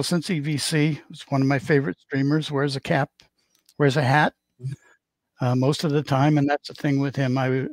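A man's voice: medium pitch, no room sound. A man in his seventies with a Boston accent, chatting as a stream guest and telling rambling, joking stories. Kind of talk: casual chat on a stream.

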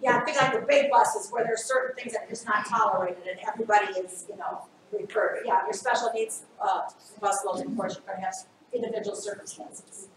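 A woman's voice: mid-range voice, fairly quick, hardly any pauses, noisy background. Echoey woman leading a training workshop. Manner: animated, acts out scenarios. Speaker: workshop presenter. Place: school training room. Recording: echoey room from far off.

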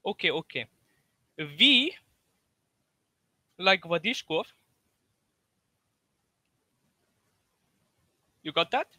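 A man's voice: high-pitched, sing-song, takes it slowly, sharp tone, no room sound. A man making a prank call in a hesitant, mock-foreign voice, stumbling and repeating himself. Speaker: prank caller.

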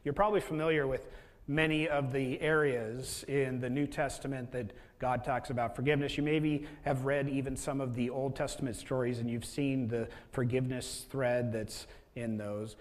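A man's voice: medium pitch, fairly even intonation, moderate pace. A male pastor giving a conversational sermon and often asking the listeners rhetorical questions. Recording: long hall reverb.

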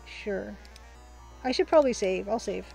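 A woman's voice: medium pitch, lively intonation, moderate pace, vocal fry, mellow, soft background music, poor audio. A woman hosting a let's play, chatting casually, reading the game's text aloud and laughing often. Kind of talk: casual gameplay commentary.

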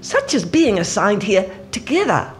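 A woman in church voicing a devout, excited woman prisoner who speaks in high, breathless, eager pleas. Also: moderate pace, a little hiss or hum, lightly acted. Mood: serene.

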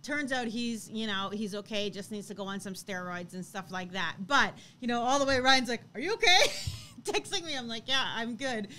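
A woman in her thirties co-hosting a casual chat, telling a story in an animated way and laughing as she acts out what people said. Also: fairly high pitch, moderate pace. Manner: animated, laughs while acting out quotes. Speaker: co-host.

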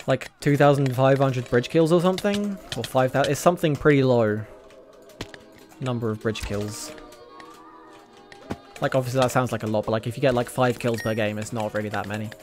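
A British man streaming a game live, rambling along in a middle-pitched voice with a sarcastic edge. He breaks into sudden excited outbursts now and then, with faint music and keyboard clicks in the background. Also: brisk. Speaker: gaming streamer. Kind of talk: casual live gameplay commentary.

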